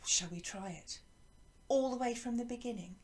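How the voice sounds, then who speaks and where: A woman teaching a singing lesson to schoolchildren, explaining each step patiently and encouragingly. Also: a little high.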